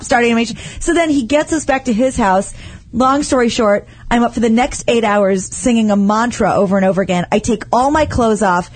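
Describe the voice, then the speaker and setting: A woman's voice: on the high side, husky. A young adult woman hosting a casual late-night radio talk show, telling stories bluntly with lots of laughter. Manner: giggly, blunt and animated storyteller. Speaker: host.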